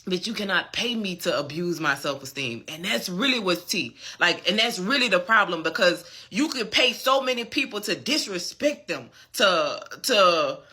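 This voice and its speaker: Bright, fired-up ranting commentator. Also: mid-range voice, breathy edge. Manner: emphatic and profane, often asking "you get what I'm saying". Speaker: commentary vlogger.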